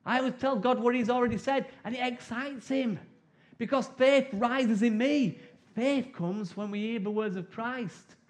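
A middle-aged man, preaching a sermon. His voice sits high for a man, and he talks in a loose, joking, conversational way, acting out little scenes of prayer as he goes. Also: measured pace.

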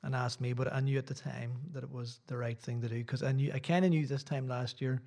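A man's voice: medium pitch, fairly even intonation, brisk, vocal fry, a little mellow. Chatty Irish man preaching in church. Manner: rambling, self-deprecating, chatty asides. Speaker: visiting preacher. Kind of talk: sermon with casual chat.

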